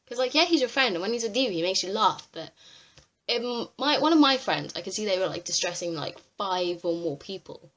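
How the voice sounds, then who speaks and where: A young woman ranting to camera on a vlog, exasperated and swearing freely with animated outbursts. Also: mid-range voice, fairly quick. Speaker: vlogger. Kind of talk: ranting commentary.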